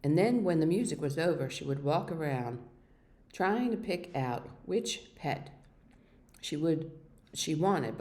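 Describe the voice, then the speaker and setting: Low, mellow woman reading a story aloud. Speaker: reader. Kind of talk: reading a children's novel aloud.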